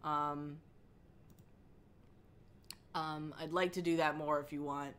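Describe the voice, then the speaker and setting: A young woman talks casually on a home livestream, her speech halting and rambling with many fillers. Her voice sits a little low but has a bright, forward ring. She sounds at ease on her living room couch. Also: level tone, smooth. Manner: rambling, halting, with frequent ums and likes. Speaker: livestream host. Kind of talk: casual chat reading chat messages.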